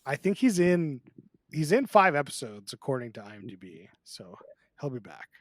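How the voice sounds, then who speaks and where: A man's voice: medium pitch, very animated, normal speed, no room sound, studio quality. A man co-hosting a casual podcast chat, talking loosely and acting out quotes in put-on voices. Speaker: podcast co-host.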